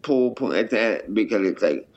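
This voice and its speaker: Brash, profane fighter on dull audio. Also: male voice, fairly low pitch, animated, moderate pace, a little mellow, a little hiss or hum. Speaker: professional fighter. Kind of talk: casual interview talk.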